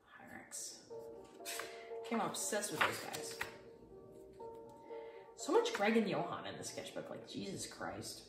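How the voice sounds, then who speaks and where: A woman's voice: on the low side, huge pitch swings, takes it slowly, long pauses, recorded from a distance. Young woman artist, casual and foul-mouthed, set back from the mic in an echoey room with music behind. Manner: rambling, profane and self-mocking. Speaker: artist showing her sketchbook. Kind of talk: casual chat. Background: music playing.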